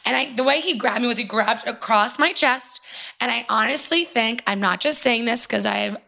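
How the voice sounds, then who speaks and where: A woman's voice: fairly high pitch, moderate pace, vocal fry, bright, forceful tone. A young woman telling a story in casual chat, acting out the voices of the people she quotes.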